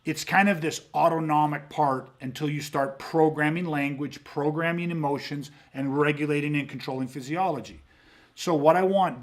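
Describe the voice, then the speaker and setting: A fairly high-voiced man delivering an instructional podcast monologue as a tactical mindset coach. He talks with intensity and swears freely, acting out his reactions to drive each point home. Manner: intense, profane, acts out reactions.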